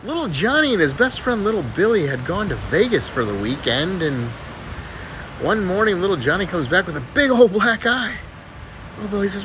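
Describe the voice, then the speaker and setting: A man casually telling jokes, animated and acting out the characters. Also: sits high, a little fast, noisy background. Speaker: joke teller.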